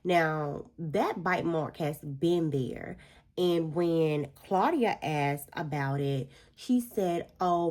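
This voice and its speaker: A woman's voice: deep voice, a little mellow. A woman vlogger chatting through a book review while doing her makeup, telling the story expressively with slangy asides.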